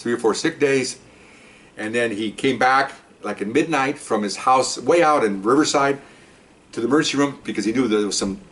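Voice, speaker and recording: In a mid-range voice, an older man who used to be a police officer spins an animated, casual tale, performing the voices of everyone he quotes.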